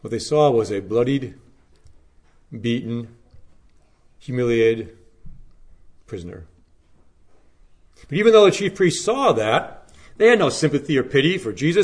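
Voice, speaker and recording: A pastor's mid-range, expressive voice carries a Good Friday sermon: he reads scripture aloud, then preaches earnestly and deliberately, with dramatic rises and hushed drops.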